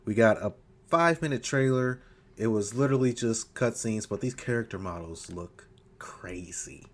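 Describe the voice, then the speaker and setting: A man's voice: mid-range voice, normal speed. A man co-hosting a casual podcast in a laid-back, easygoing way, chuckling often. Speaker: podcast co-host. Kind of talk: casual chat.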